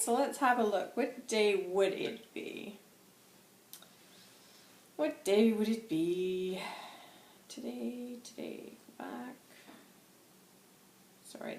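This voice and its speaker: A woman's voice: medium pitch, echoey room. A woman hosting a casual channelled reading, chatty and rambling, with lots of "like". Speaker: host.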